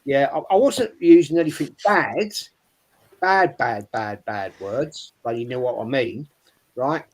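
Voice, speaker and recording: A man's voice: mid-range voice, animated, measured pace. A man, telling a rambling, swearing story on a football podcast. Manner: swearing, rambling, lots of "right?". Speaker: podcast panelist, Arsenal fan. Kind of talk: casual football chat, storytelling.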